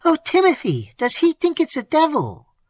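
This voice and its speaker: Narrator putting on a high, frantic wife: breathless, shrill, husky-toned, lively swings. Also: moderate pace, dry recording. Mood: alarmed. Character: terrified middle-aged clergyman's wife.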